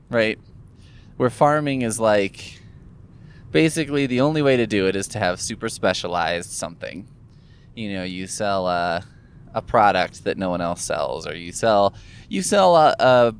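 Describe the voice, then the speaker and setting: A man's voice: lowish voice, clear, resonant tone. A man talking casually to camera in a rambling, musing monologue, sore from recent gum surgery, swearing offhandedly as he thinks aloud. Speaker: vlogger. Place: in a car.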